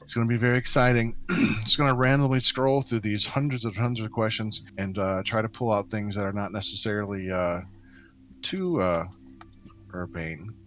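A man runs a casual podcast quiz with his co-hosts. He jokes freely and slows into a theatrical read for the questions. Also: lowish voice, a bit bright. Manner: playful, reads questions dramatically. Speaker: quiz host.

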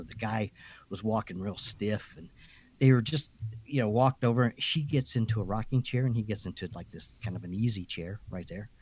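Man, husky voice, lively rising and falling pitch, rambling storyteller, podcast co-host. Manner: rambling, full of "you know" and restarts; chatty, animated storytelling. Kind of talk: telling a ghost story, casual.

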